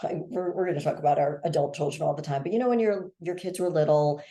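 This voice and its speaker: A woman's voice: low voice, fast, warm tone. A woman in her fifties co-hosting a podcast, chatting casually and emphatically about a TV episode. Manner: chatty, emphatic, restarts often. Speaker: podcast co-host. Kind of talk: casual recap chat.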